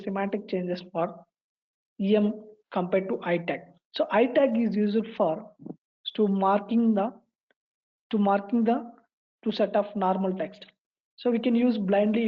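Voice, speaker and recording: Woman doing a coding tutorial, keeps repeating herself while typing, mid pitch, muffled sound. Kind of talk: screen-recorded coding tutorial.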